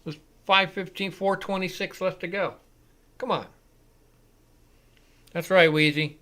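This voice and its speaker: A man hosting a live football reaction show, giving excitable, profane play-by-play commentary. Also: high voice, a little slow. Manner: excitable and profane, swears freely.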